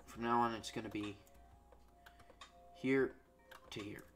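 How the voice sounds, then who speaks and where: A foul-mouthed young man narrates his strategy game in a middle-pitched voice. He mutters sarcastic asides, then suddenly barks at his own units. Faint background music plays underneath. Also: fairly even intonation, slow. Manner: profane, sarcastic, swings between mutters and loud outbursts. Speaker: gameplay commentator. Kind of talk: crude, ranting gameplay commentary.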